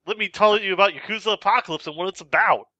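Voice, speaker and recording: A man's voice: sits high, fast, sharp tone, highs cut off. A man hosting a casual movie podcast, joking and teasing his co-hosts. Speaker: podcast host. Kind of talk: casual movie-review chat.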